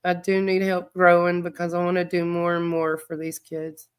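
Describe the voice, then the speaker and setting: A woman's voice: on the low side, completely flat delivery, moderate pace, clear, resonant tone. A middle-aged woman, hosting a livestream, speaking heartfelt and near tears, with a stuffed-up voice while she reads viewer comments aloud. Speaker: true crime livestream host. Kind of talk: emotional livestream chat.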